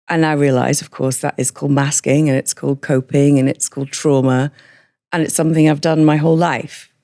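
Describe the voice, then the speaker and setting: A podcast guest from northern England, with a hybrid northern English and Scottish accent, tells her story in a candid interview. Her low voice has a gravelly rasp yet a warm tone, and she's frank, chatty, and quick to laugh.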